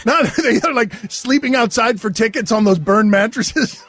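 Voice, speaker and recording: High-voiced, husky male radio host. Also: unhurried, fairly bright tone. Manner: laughs often, cues sound clips. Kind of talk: casual sports radio banter.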